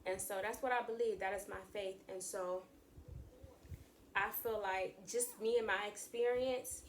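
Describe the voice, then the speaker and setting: A woman's voice: medium pitch, steady tone, unhurried, slight background noise. Chatty woman with a lilt. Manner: chatty, repeats and restarts phrases, addresses viewers as y'all. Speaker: channel host sharing faith views. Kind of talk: casual talk to camera.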